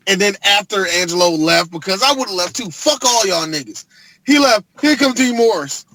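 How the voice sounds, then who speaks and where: A man co-hosts a casual movie podcast with a high, bright voice. His tone is husky and breathy at the edges. He tells the story in an animated, profane way, laughing as he goes. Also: a little fast, dry recording, low-quality recording. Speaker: podcast co-host. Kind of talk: casual movie review chat.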